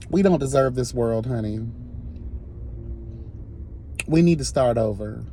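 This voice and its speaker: A man giving an impassioned, sassy commentary rant, swinging between soft asides and loud emphatic outbursts. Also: medium pitch, animated, slow, a little hiss or hum.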